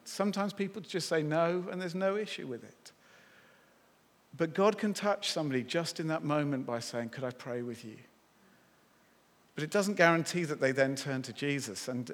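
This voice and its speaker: A male preacher telling a personal story in a sermon, animated and acting out his own thoughts. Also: fairly high pitch, moderate pace. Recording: long hall reverb.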